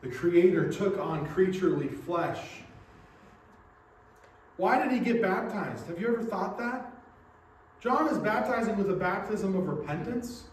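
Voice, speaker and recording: Here a pastor with a high voice preaches animatedly yet unhurriedly, leaving long pauses as he earnestly works through rhetorical questions. He's in a church sanctuary. The sound is echoey, picked up by a mic set well back in the hall.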